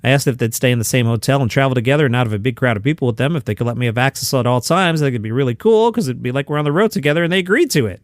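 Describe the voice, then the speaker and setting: A man hosting a comedy news podcast, reading headlines and quotes with lively, sarcastic asides. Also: medium pitch, very fast, few pauses, no room sound, clean studio sound.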